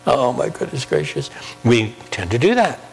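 A man preaching a sermon, emphatic, with slow drawn-out pauses and repeated key phrases. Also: medium pitch, big pitch swings, vocal fry, soft background music. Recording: long hall reverb with faint mains hum.

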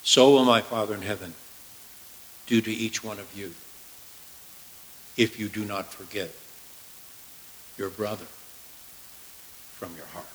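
A male preacher giving a sermon and reading scripture, emphatic, swinging from loud declarations to hushed asides. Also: lowish voice, steady tone, a little slow, pauses often, a little hiss or hum, low-quality recording.

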